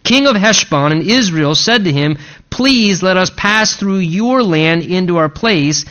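A man's voice: sits high, lively intonation, a little slow, sharp tone. A man preaching an expository sermon, working verse by verse and breaking into conversational asides. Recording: dull lo-fi recording.

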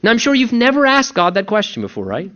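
A man's voice: high voice, huge pitch swings, quick pace, fairly bright tone, dull audio. A man preaching a sermon as pastor, earnest, posing rhetorical questions and acting out the people's complaints.

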